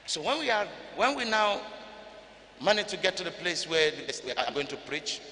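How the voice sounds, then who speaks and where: An older male pastor from Ghana preaching a sermon in a church hall. He repeats phrases for emphasis and swings between loud rises and low drops. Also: very animated, moderate pace. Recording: church hall reverb, light noise.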